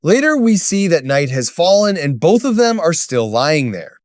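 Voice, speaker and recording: A man with a high voice narrates a scripted story recap. His pitch swings widely and he tells it dramatically, lifting his voice at sudden turns. The sound is close and dry. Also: very animated, moderate pace, dry recording.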